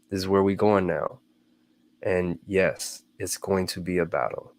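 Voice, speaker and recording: A man's voice: low-pitched, moderate pace. A man hosting a motivational talk, speaking casually, repeating phrases for emphasis and calling his listeners y'all. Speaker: host.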